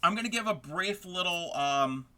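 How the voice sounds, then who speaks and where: Bright, chatty male craft streamer. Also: high-pitched, lively intonation, moderate pace, slight background noise. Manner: rambling, friendly, talks to chat between tasks. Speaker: live-streaming fiber artist. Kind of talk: casual live-stream chat while crafting.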